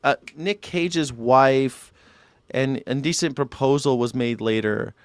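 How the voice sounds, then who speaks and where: A man's voice: mid-range voice, takes it slowly, dry recording. Man, news reaction host, casual rambling commentary, profane, dry sound. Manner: loose, profane, rambling rebuttals.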